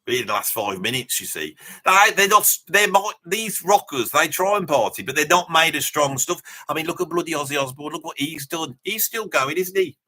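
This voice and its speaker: A man's voice: on the high side, expressive, moderate pace, few pauses, pushed and bright, heavily acted. A man playing a boastful, rambling Birmingham bloke with a Birmingham accent, chatting with viewers on a live stream in character. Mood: rambling chat. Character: boastful middle-aged Birmingham bloke, rambling name-dropper. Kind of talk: in-character live reaction chat.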